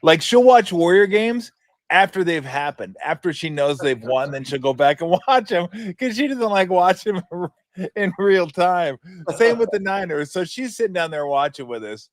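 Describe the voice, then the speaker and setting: Brief: male radio host, casual sports talk, animated and laughing, slightly high voice, dry mic. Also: normal speed, no echo. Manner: animated storyteller, laughs often.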